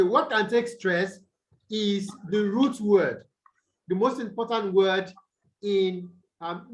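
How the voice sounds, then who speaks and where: Through a rough recording, a high-pitched male voice is heard giving an online English tutorial over video call. The teacher is a Nigerian man who repeats points and tests his students with "what?" prompts.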